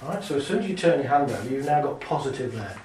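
A man's voice: medium pitch, fast talker, far from the mic, a little hiss or hum. Chatty man in an echoey hall. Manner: lively, chatty, laughs often, acts out little scenes. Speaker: speaker giving a talk. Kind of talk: live talk to an audience. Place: large hall with an audience. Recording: very echoey hall, speaker off mic.

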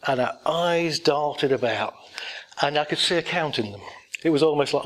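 A man's voice: fairly high pitch, moderate pace, a bit bright. A man giving a motivational talk to an audience, blunt and rambling, telling anecdotes with self-deprecating laughs.

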